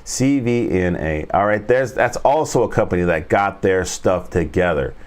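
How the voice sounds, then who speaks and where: A man's voice: sits low, animated, normal speed. A man hosting a casual trading stream, rambling and joking as he talks viewers through stock charts. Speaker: trading coach and stream host. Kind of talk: casual market commentary.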